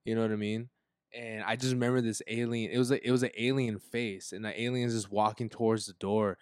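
A man's voice: fairly low pitch, level tone, fairly quick, clear, resonant tone, no echo, clean studio sound. A young man hosting a podcast, telling a childhood story in casual chat, with a lot of slang and swearing. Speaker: podcast host.

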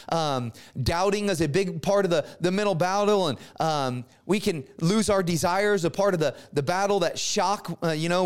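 A man teaching a Bible class in a casual, animated way, retelling stories with slangy asides and acted-out characters. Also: high voice.

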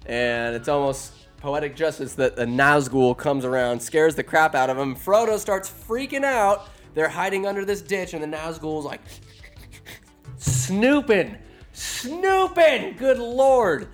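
A man talking through a fantasy movie in a loose, joking recap, his voice sitting a little high. He jumps between wry asides and bursts of excitement, tossing in quick character voices. Faint music plays under his talk. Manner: animated and sarcastic, puts on quick voices for characters. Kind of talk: casual comedic movie recap. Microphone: phone or desk mic, recording alone.

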